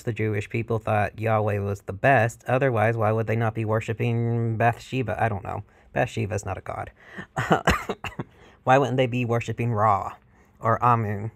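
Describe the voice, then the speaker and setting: A man's voice: lowish voice, creaky. A man vlogging in a casual, irreverent and profane way, retelling stories and slipping into mock voices. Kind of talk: casual chat.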